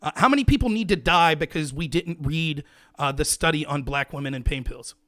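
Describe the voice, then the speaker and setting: Loud, fast-talking male host. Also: fairly high pitch. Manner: loud, passionate, repetitive hectoring questions. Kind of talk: heated call-in debate.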